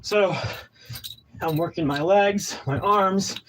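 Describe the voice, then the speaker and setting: A man's voice: high voice, slow pace, fairly bright tone, rough recording. Guy in his 30s winded from a workout, preachy and hyped, rambling pep talk, faint hum behind him. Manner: pumped-up, preachy, rambling with restarts. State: out of breath. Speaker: vlogger. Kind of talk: casual motivational talk while exercising.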